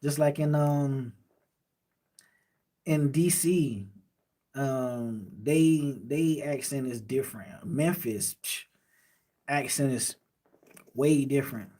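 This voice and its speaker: A livestream host from Miami reads the chat late at night, drifting through laid-back, rambling replies in his Miami accent. His voice is mid-range and mellow, and he talks slowly with long pauses.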